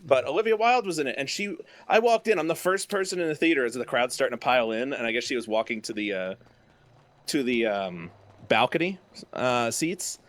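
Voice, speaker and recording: A young man co-hosting a game stream, chatting casually and telling animated stories with frequent laughter. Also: medium pitch, brisk, dry recording. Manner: animated storyteller, laughs a lot. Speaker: streamer and co-host. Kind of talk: casual chat.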